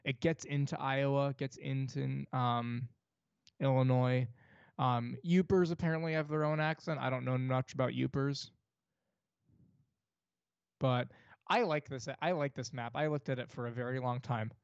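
A man's voice: medium pitch, fairly even intonation, moderate pace, vocal fry, clean tone, dry recording. A young man from New York State co-hosting a casual podcast chat, rambling with many fillers and restarts. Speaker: podcast co-host. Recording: dry, dull lo-fi podcast mic.

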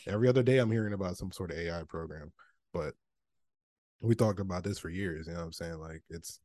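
A man's voice: deep voice, fast talker, darkish tone, dry recording. A man co-hosting a podcast in a laid-back, profane, casual chat, full of filler phrases. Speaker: podcast co-host.

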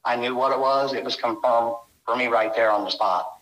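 A man with a bright, forceful voice recounts his experience with raw, rambling intensity, leaning on little filler phrases. His voice rings around a roomy, echoing space. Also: medium pitch, steady tone, a little fast. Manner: rambling, intense, full of "you know". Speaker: guest recounting encounters. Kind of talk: emotional first-person storytelling.

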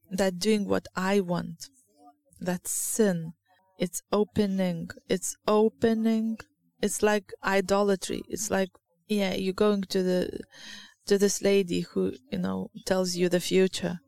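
A woman with a Lithuanian accent preaches slowly in a low, gravelly voice that stays flat. She gives an informal sermon, pausing often to search for words before reading scripture aloud. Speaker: church speaker.

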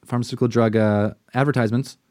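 A man talking on a podcast, ranting hard and swearing freely. His voice sits at an ordinary middle pitch. The sound is dry and close, with no room around it. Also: quick pace, no room sound. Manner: profane, animated ranting with mocking put-on quotes. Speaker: podcast co-host. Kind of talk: casual podcast chat.

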